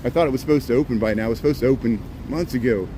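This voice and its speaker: Against street noise and passing traffic, a walking-tour livestreamer with a medium-pitched voice talks rapid-fire as he strolls city streets. His commentary is rambling and casual, dotted with sarcastic asides.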